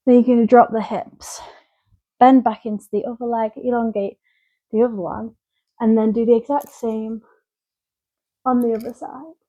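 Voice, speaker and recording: A woman yoga teacher giving calm step-by-step instructions while moving through the poses, a little out of breath. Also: a little high, normal speed, long pauses, no room sound, dull audio.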